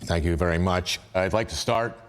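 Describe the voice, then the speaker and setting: An actor playing a formal, patient senator who chairs a hearing and questions a witness. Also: male voice, deep voice, long reverb tail, lightly acted. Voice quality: measured, formal. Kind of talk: TV drama hearing scene.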